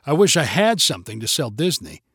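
A man's voice: medium pitch, big pitch swings, a little fast, a bit bright, breathy edge, dry recording, heavily acted. A man voicing a wry young man who trades jokes with his friend in a storybook. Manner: dry, joking.

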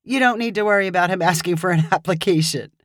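A woman reading a story aloud, voicing a cheerful, confident woman customer with a bright, playful manner. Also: medium pitch, big pitch swings, normal speed, dry recording, studio quality. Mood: grateful.

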